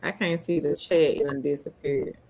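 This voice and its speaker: A woman's voice: low voice, normal speed, a little hiss or hum. A woman co-hosting a casual livestream chat about remote work, telling stories and laughing often. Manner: laughs a lot while telling stories, animated. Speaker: co-host of a work-from-home jobs channel.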